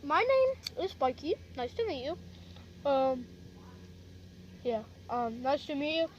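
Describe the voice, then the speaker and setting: Excitable high-voiced woman vlogging toy play. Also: slow, dull audio, slight background noise. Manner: excitable, chatty, talks to viewers. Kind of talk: pretend-play vlog narration.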